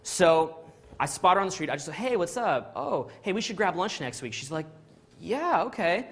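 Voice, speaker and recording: With a slightly high voice and a slightly quick pace, a middle-aged Canadian tells an audience a story, acting out the lines animatedly. "Right?" and "okay?" come up often.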